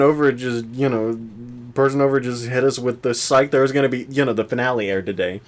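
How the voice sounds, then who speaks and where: Laid-back young man chatting and laughing. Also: mid-range voice. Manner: laughs often, puts on voices when quoting. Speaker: podcast co-host. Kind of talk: casual chat.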